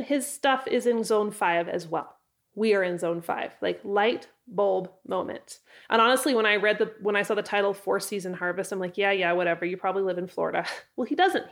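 A woman vlogger talking casually and enthusiastically about her favorite homesteading books, with a chatty, self-deprecating manner. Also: medium pitch. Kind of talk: casual book recommendations to camera.

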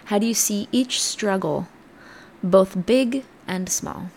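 A woman hosting a podcast, giving an earnest, reflective motivational talk that sometimes drops to soft near-whispers. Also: medium pitch, slow pace, gravelly, a little hiss or hum. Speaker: podcast host. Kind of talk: motivational self-help talk.

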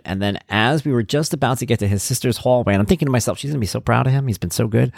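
A middle-aged man hosting a podcast, telling stories about his son in a casual, animated way and getting worked up as he talks. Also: on the low side, no echo, clean studio sound. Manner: animated storytelling, gets worked up, acts out quotes. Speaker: podcast host, parent of an autistic son.

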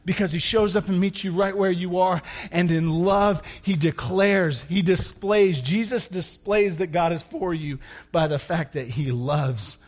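A man preaching a sermon, moving from loud, urgent calls down to hushed, intimate lines. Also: high voice, unhurried. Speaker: pastor. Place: church sanctuary.

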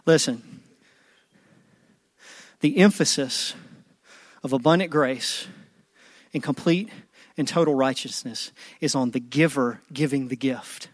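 A man preaching a sermon who swings from hushed asides to loud, pleading passages and acts out people's prayers. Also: medium pitch, takes it slowly, long pauses, no echo, clean studio sound. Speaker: pastor.

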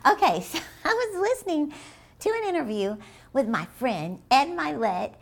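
A woman giving an animated Christian motivational talk, telling stories with emphasis and repeating key phrases. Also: high voice, moderate pace, vocal fry. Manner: lively, expressive, storytelling with emphasis. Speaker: Christian inspirational speaker.

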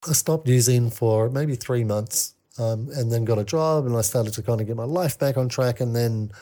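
A man telling a candid personal story as a podcast guest, halting with many fillers and restarts. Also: mid-range voice, dark tone.

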